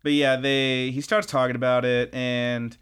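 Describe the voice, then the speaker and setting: A man's voice: medium pitch, little pitch movement, unhurried, fairly bright tone, clean tone. A young man co-hosting a podcast, recapping an anime in casual, rambling chat and laughing often. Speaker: podcast co-host.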